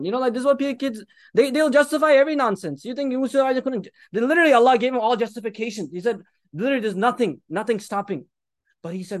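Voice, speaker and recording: A man in his thirties delivers an impassioned sermon in a strikingly high voice, weaving Arabic phrases through his urgent appeals to the listeners. The recording is dry and close, with no room sound. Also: rapid-fire, no echo. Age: 30s. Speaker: preacher.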